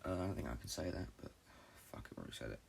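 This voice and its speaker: A young man from Britain hosting a solo podcast, talking in a halting, low-key, confessional way and swearing often. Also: big pitch swings, gravelly, noisy background. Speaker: podcast host. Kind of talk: rambling solo podcast monologue.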